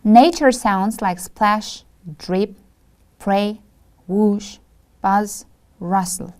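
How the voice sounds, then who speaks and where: Slow, careful woman English teacher. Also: mid-range voice, darkish tone. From Kyrgyzstan. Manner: slow, deliberate listing of words to students. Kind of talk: classroom video lesson.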